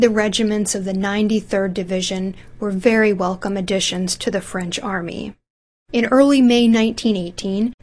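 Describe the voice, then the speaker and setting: Woman, scripted history narration, measured, even delivery, mid-range pitch.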